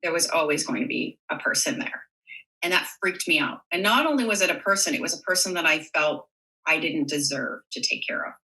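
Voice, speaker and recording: Frank, bright-voiced woman guest. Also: fairly low pitch, recorded from a distance, low-quality recording. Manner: frank, open, swears casually. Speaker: podcast guest. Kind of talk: candid podcast conversation.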